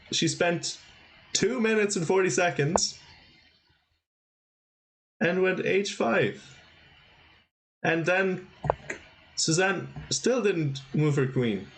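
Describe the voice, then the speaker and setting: A man's voice: on the high side, background noise. A man giving casual live chess commentary on a stream, thinking aloud and exclaiming at the players' mistakes.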